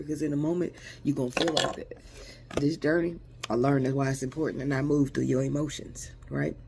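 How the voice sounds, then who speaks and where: Gravelly-voiced man venting about faith. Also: medium pitch, little pitch movement, a little fast, background noise. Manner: reflective, repetitive, street-slang religious talk. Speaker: vlogger. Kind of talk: emotional spiritual venting monologue.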